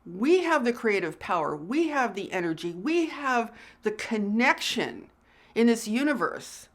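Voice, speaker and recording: A woman's voice: a little high, sing-song, unhurried. A woman hosting her own spiritual channel, talking straight to viewers in an earnest, emphatic way and repeating phrases for emphasis. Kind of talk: casual direct-to-camera talk.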